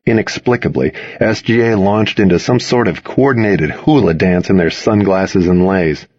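A man narrating a first-person audiobook in a wry, measured storytelling manner. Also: low-pitched, darkish tone, dry recording, dull audio.

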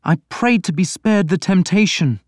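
Male narrator playing young prince, anguished, bitter, pitched up and pressed, dry read. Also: animated, moderate pace, dry recording. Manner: strained, pleading.

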